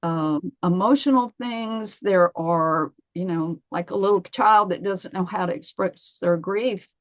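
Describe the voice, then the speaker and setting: A woman's voice: fairly low pitch, measured pace, no room sound, lo-fi sound. A woman in her fifties, a massage therapist, talking in a podcast interview, telling stories and acting out her own inner dialogue.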